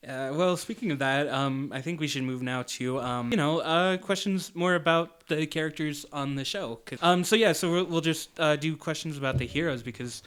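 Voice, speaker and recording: A man's voice: on the high side, normal speed, few pauses, fairly bright tone, clear, resonant tone. A man co-hosting a podcast, reading listener questions in a casual, hesitant way. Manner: hesitant, many ums and restarts. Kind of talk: casual chat.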